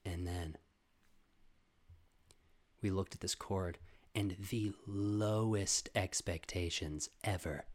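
A young man hosting a podcast, telling a long casual story with plenty of swearing. He jumps from loud outbursts to quiet, muttered asides. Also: deep voice, takes it slowly, pauses often. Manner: profane, animated storytelling with sudden loud bursts and quiet asides. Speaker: podcast host.

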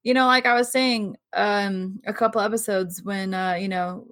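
A woman's voice: medium pitch, fairly even intonation, normal speed, a bit bright, no echo, clean studio sound. Swearing, rambling woman podcast co-host. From Arizona. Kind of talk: casual chat.

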